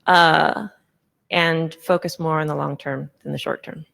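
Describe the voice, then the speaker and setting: Woman chairing a session in a conference room, low voice with a creaky edge, casual and rambly. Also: fairly even intonation, unhurried, a bit bright. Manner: informal, filler-heavy, self-correcting. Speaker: session chair presenting a proposal. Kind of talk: presentation and meeting discussion.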